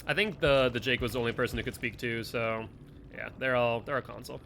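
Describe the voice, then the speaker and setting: A man's voice: medium pitch, fairly even intonation, fast, creaky, sharp tone, a little hiss or hum. A man streaming a video game, chatting casually and musing aloud about the match and the game's balance. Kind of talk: gameplay commentary.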